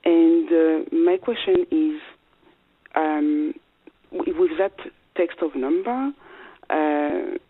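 A woman with a French accent calls in over a thin, tinny phone line. Her voice is husky, and she speaks haltingly, often stopping to restart a thought. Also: deep voice, dry recording. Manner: hesitant, many fillers and restarts. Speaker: caller. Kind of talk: call-in question.

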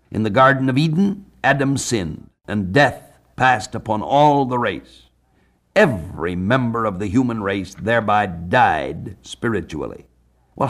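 A man from the United States preaching a sermon on a Bible passage, measured, slowing down to read scripture aloud. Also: on the low side, fairly bright tone. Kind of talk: radio sermon, Bible exposition.

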